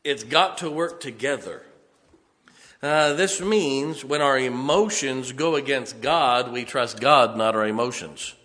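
Man, pastor, sermon, folksy storytelling, chuckles often, mid pitch, reverberant hall. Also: unhurried, pushed and bright.

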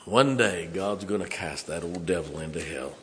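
Older male pastor, fiery sermon, lowish voice, loud-to-hushed swings. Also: moderate pace.

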